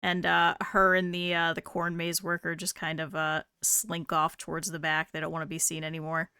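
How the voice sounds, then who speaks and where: A woman's voice: low voice, monotone, normal speed, sharp tone, clean tone, dry recording, studio quality. A woman narrating a tabletop game as game master, loose and full of fillers. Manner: loose, hesitant, many fillers.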